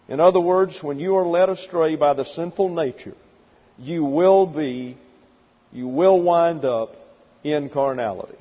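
A man with a husky, slightly high voice delivers a methodical Bible lesson, counting off numbered points and dropping dry asides. The sound is dull and lo-fi, with a long hall reverb. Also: unhurried. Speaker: pastor. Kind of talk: expository Bible teaching.

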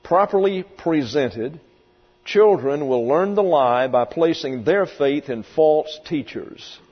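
In a reverberant hall, a man preaches an expository sermon slowly, his husky, somewhat high voice full of lively intonation. This pastor is emphatic and vivid and now and then acts out quoted voices, while the dull lo-fi sound carries a mains hum.

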